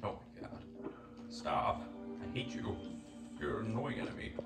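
A man's voice: lowish voice, very animated, normal speed, creaky. A man commenting on his gameplay, exasperated and swearing at enemies, mocking himself as he goes. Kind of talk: let's play commentary. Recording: echoey room, distant mic, loud game music. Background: game music.

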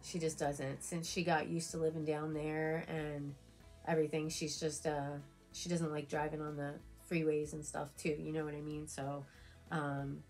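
Soft music sits in the background as a woman speaks at a normal speed, her voice low-pitched, level in tone, and somewhat dark. The beauty vlogger chats casually during a get-ready-with-me video, recounting an emotional personal story filled with fillers and repeats.

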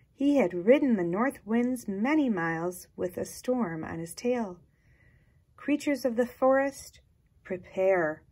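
A woman reading a children's picture book aloud in a slow, gentle, expressive way, sometimes dropping to a hush. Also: lowish voice, breathy edge. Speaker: storyteller.

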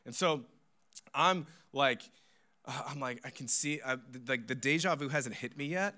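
A man in his thirties, a pastor, telling a sermon story in an animated, self-deprecating, joking way. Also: medium pitch, moderate pace.

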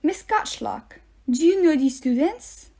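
A woman's voice: sits high, lively intonation, measured pace, gravelly, dark tone, voice pushed up, exaggerated voice. A woman reading aloud, voicing a stern male military-school teacher with a French accent and a cold, clipped, contemptuous manner. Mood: scornful.

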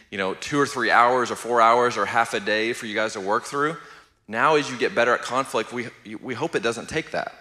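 A middle-aged man, teaching a church marriage class in a steady, even-keeled, conversational way. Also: medium pitch, big-room sound. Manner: steady, even-keeled, asks the room "how many know".

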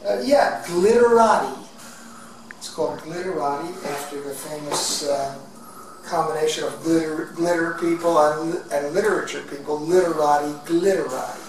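A man's voice: a little high, steady tone, distant mic, a crowd in the background. Man talking about his art in an echoey room. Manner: rambling and reflective, with pauses and restarts. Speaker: found-object artist. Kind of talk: casual talk about his own artworks. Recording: echoey room, voice off-mic, faint noise.

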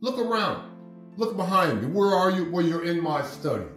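A man hosting an online class, telling a moral tale in a deliberate, emphatic way from his study. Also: high voice, very animated, echoey room, faint music behind, low-quality recording. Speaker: host and educator. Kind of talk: storytelling talk. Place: home study.

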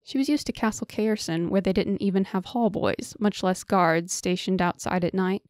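A woman narrating a fantasy audiobook with steady storytelling on a close mic. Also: mid-range voice, moderate pace, dry recording. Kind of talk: scripted narration.

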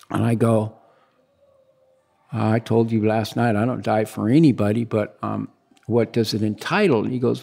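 A man in his sixties from the United States, telling stories as a guest in a relaxed, rambling way and acting out the dialogue he quotes. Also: mid-range voice, normal speed, gravelly. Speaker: guest, big-wave surfer. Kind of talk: casual storytelling interview.

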